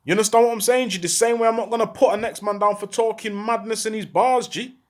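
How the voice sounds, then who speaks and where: Urgent high-voiced talker. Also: male voice, fairly even intonation, fast. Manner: urgent, repeats rhetorical questions, heavy street slang. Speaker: former prisoner speaking out. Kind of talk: impassioned monologue to camera.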